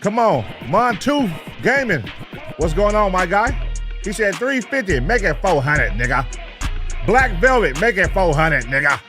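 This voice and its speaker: A man streaming live, reacting to clips and chatting loudly and profanely with his viewers. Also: sits high, a little slow, over music. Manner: loud, excitable, profane, animated. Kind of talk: casual livestream chat.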